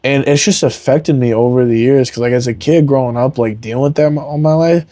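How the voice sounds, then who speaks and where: Guesting on a podcast, a young adult MMA fighter speaks a little fast in a warm, mid-range voice, with no room sound. He opens up candidly and earnestly in an emotional interview, rambling with lots of "like" and "man."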